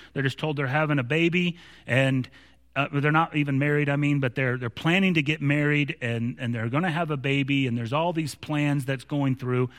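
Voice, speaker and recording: A man's voice: on the high side, a bit bright, in a large hall. A man preaching a sermon as pastor, telling stories with mounting animation and frequent restarts. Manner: storytelling with growing animation, many restarts.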